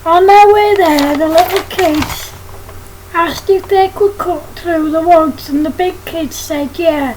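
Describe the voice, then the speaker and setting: A woman reads her own children's story aloud in a very high voice, slowly and steadily. A faint hiss sits under her voice. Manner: plain, steady reading.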